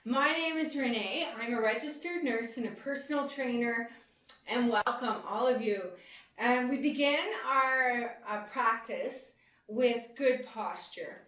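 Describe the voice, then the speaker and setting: Female yoga instructor, slightly high voice, slow unhurried delivery, recorded in a roomy space from a distance, dull sound. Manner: slow, calm guiding cues. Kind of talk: guided chair yoga instruction.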